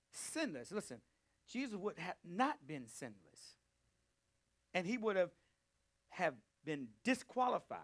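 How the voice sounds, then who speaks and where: A man teaching a Bible study, preaching emphatically and calling out to his listeners, swinging between loud and hushed delivery. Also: a little high. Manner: emphatic, calls out to the group. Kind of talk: preaching to a live group.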